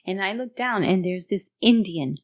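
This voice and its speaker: Animated woman telling a scary story. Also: medium pitch, moderate pace. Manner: animated, code-switching into Spanish, laughing while telling a story. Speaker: podcast co-host. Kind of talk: casual chat, storytelling.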